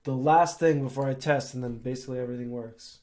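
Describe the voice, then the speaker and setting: A young man casually explaining a no-code web app build step by step, with a relaxed, filler-laced delivery. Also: mid-range voice, fast. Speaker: software tutorial presenter. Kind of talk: screen-share coding tutorial.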